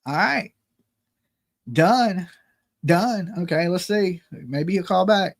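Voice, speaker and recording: A man's voice: sits high, lively intonation, slow, gravelly, pauses often, no echo, studio quality. A man hosting a livestream in casual joking chat, loose and rambling, swearing freely as he banters. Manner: loose, rambling and profane, jokey phone-prank banter. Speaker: streamer host.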